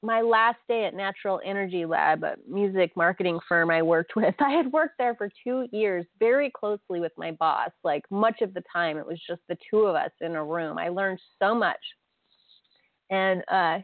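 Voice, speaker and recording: A woman's voice: mid-range voice, moderate pace, no room sound. A middle-aged woman hosting a casual solo podcast, emotional and chatty, laughing often between many fillers. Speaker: podcast host. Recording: dry, tinny phone-line audio.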